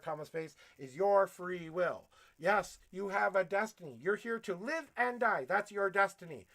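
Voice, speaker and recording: A man giving a blunt, profane tarot reading on a livestream, preaching at his viewers and working himself up to yelling. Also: high voice, gravelly. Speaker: tarot reader.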